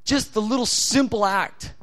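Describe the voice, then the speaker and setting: A man preaching a sermon in an intimate, tender way, at times acting out God's voice softly. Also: high voice, unhurried.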